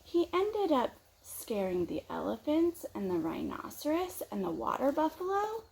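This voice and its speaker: A woman leading children's story time at church with expressive storytelling. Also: on the high side, unhurried, gravelly, rough recording.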